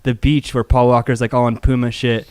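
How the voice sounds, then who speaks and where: A man's voice: mid-range voice, flat delivery, a little fast, a little mellow, clean tone, no echo, studio quality. Rambling man on a movie podcast. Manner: rambling, hesitant, full of "like" and restarts. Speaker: podcast co-host. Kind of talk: casual movie review chat.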